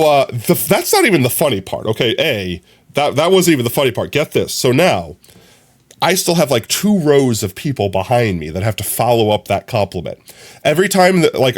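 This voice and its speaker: Young guy streaming off his phone, chatty, lively rambling stories, lots of likes and uhs. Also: mid-range voice. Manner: animated rambling storyteller, heavy on fillers. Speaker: live streamer. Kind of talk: casual stream chat.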